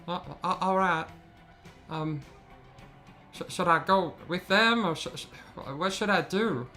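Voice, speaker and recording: A man's voice: high voice, measured pace, pushed and bright, faint music behind, pitched above the performer's own voice. A man voicing a scared little goblin boy who stammers and pleads. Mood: hesitant.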